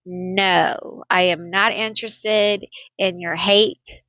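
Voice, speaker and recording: A woman's voice: mid-range voice, fairly even intonation, slow pace, sharp tone, no echo, dull audio. A woman playing a stern knight who firmly turns down romance, using a voice close to her own. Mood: dismissive.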